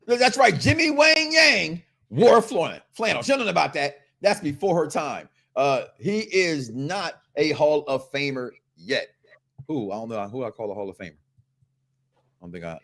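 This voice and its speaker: Animated joking Midwestern man host. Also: on the high side. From Chicago, US Midwest. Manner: animated, joking, keeps checking in with "okay?". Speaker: podcast host. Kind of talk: casual wrestling talk show chat.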